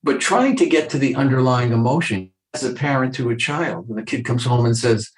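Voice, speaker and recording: A man's voice: mid-range voice, brisk, reverberant, poor audio. An older man, a clinical psychologist, talking earnestly in a podcast interview and acting out short exchanges with patients. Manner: earnest, acts out dialogue from patients.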